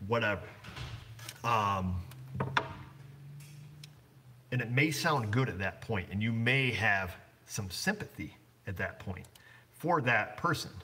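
A man's voice: mid-range voice, expressive, a little slow, sharp tone, a little hiss or hum. A blunt man running a repair shop, chatting casually on a livestream and rambling with lots of fillers. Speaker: auto shop owner.

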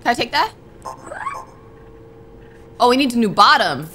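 A woman's voice: on the high side, very animated, measured pace, sharp tone, a little hiss or hum. A young woman commenting on her gameplay, talking to herself and jumping with nervous exclamations, with game music behind her. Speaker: gaming streamer.

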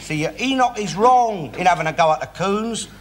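An actor playing a loud, bigoted, blustering middle-aged father, ranting and sneering in an old TV sitcom. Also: high-pitched, expressive, moderate pace. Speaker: sitcom character. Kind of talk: 1960s TV sitcom acting. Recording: hissy old TV recording.

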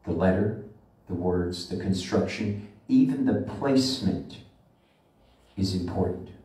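A man, a rabbi, delivering a sermon with emphatic preaching that slows and swells on scripture, recorded in a synagogue sanctuary. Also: low-pitched, dark tone. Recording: echoey room from far off the mic.

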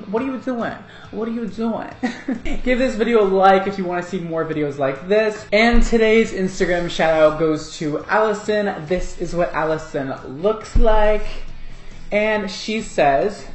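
A man who works as a hairdresser, chatting and reacting to videos in an animated, gushing way. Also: high voice. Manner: animated and gushing, quick laughs. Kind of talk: casual reaction commentary. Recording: echoey room with music underneath.

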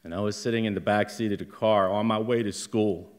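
Speaking live from a theater stage, a middle-aged man recounts something personal in a slow, faltering way that sometimes flares up. His voice is on the low side and steady in tone.

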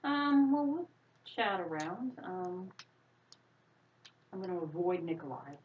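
A woman's voice: on the low side, slow pace, recorded from a distance. A woman player in casual tabletop game chat, joking and giggly. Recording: muffled lo-fi recording with steady background noise.

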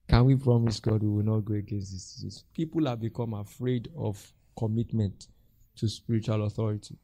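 A lowish male voice, recorded with no room sound, belongs to a Nigerian pastor giving a sermon in Nigerian English. He's animated, laughing while he performs the voices of people in his church.

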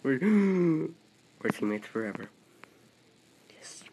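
A man commenting on his own gameplay as he plays, excitable, yelping at other players one moment and muttering to himself the next. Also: a little high, extremely slow, noisy background. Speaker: gaming video creator.

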